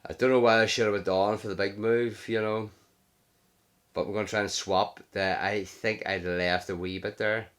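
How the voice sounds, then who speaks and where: A man giving live gameplay commentary, excitable, cursing at setbacks and cheering his wins. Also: on the low side, normal speed. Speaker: gaming commentator.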